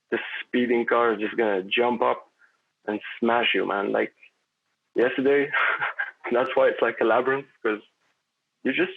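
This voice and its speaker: Gravelly man on a tinny phone line. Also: medium pitch. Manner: rambling, philosophical, with many fillers and restarts. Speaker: podcast guest. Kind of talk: casual conversation.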